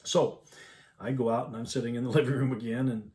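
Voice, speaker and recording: Mellow folksy storytelling dad. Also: male voice, medium pitch, fairly even intonation, a little fast. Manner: homespun, chuckling, easygoing. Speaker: father telling a family story.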